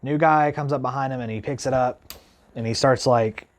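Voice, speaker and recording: Talking to his camera at a moderate pace, this guitar vlogger has a mid-range male voice. His story comes out rambling and indignant, peppered with "like" and "you know," and the animated telling is full of false starts.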